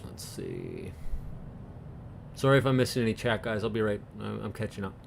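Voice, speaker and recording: A man's voice: lowish voice, huge pitch swings, moderate pace, vocal fry, a little hiss or hum. A man from Newfoundland hosting a live stream, chatting casually with viewers in a rambling way and chuckling often between thoughts. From Newfoundland, Canada.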